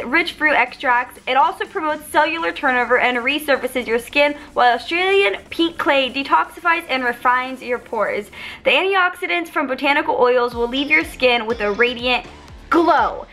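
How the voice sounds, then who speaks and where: Young American woman, beauty vlogger, high and bright, giggly casual chat. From United States. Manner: bubbly, chatty, giggly. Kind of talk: casual product review vlog.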